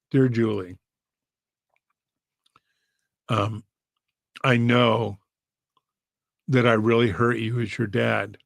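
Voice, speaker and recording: A man's voice: medium pitch, creaky, no echo. A man, a pastor, telling an emotional story in an earnest, heartfelt way. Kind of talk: storytelling sermon.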